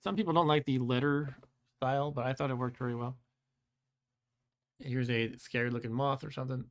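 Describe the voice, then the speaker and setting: A man's voice: medium pitch, fairly even intonation, normal speed. Laid-back man reading a gamebook aloud. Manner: laid-back, chatty, chuckles often, stumbles over foreign words. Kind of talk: casual live-stream chat and read-aloud.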